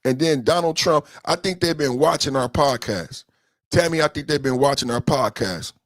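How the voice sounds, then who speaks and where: A man's voice: medium pitch, normal speed, dry recording, studio quality. A young man hosting a political podcast, ranting with slang and swearing and repeating his lines for emphasis. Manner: profane and slangy. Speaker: podcast host. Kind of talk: heated political commentary.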